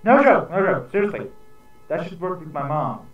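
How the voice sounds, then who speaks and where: A man hosting a reaction video, chatting casually, excitable and profane, acting out people in his stories. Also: fairly high pitch, normal speed, lo-fi sound. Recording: echoey room, mic at a distance, faint music.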